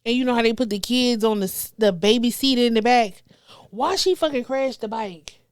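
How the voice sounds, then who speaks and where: Animated profane woman telling stories. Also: a little high, normal speed, smooth, no echo, clean studio sound. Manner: animated, profane, acts out quotes. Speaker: comedian guest. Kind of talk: casual storytelling chat.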